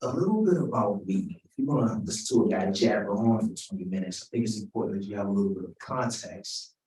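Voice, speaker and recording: A man's voice: on the low side, lively intonation, quick pace, a little mellow. A man in his forties from Washington, D.C., giving a joking, conversational keynote speech. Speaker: keynote speaker. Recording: roomy sound, mic at a distance.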